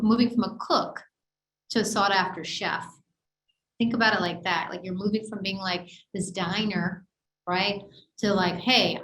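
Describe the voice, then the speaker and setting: A woman presenting an online business workshop, talking in an energetic, conversational way and checking in often with "right?". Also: medium pitch, echoey room, low-quality recording. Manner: energetic, conversational, many fillers and "right?" tags. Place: home office on a video call. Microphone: video call mic.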